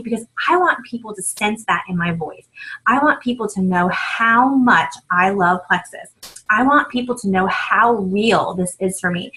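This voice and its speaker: A woman's voice: medium pitch, bright, forceful tone, low-quality recording. Upbeat woman coaching new sellers. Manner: upbeat, repeats points with "right?" and "um". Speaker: team leader training new sellers. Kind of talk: coaching talk with acted sales scripts.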